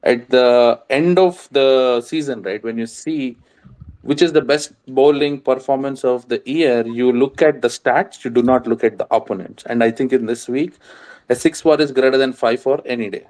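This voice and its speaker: A man's voice: mid-range voice, moderate pace, a little mellow, rough recording. Male panelist, opinionated and chatty, mid voice, video call. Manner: opinionated, argues with stats, lots of "you know". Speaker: cricket panelist.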